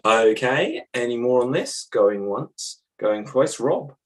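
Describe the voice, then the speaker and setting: A man's voice: medium pitch, lively intonation, slow pace. Man hosting an improv joke game. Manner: laughs often, calls on players by name.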